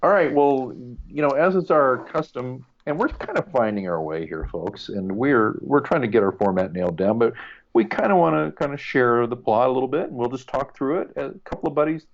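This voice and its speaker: A man's voice: medium pitch, lively intonation, fairly quick, dull audio. A man co-hosting a podcast in casual chat, joking and rambling with asides. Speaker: podcast co-host.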